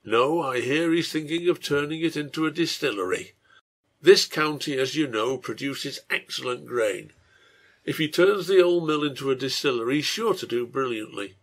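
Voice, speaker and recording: A contented village innkeeper , as a man reads him aloud speaks plainly in this storybook reading. The voice is gravelly and a little husky, and he explains local business without fuss. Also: medium pitch, expressive, moderate pace, a bit bright. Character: middle-aged male village innkeeper, contented.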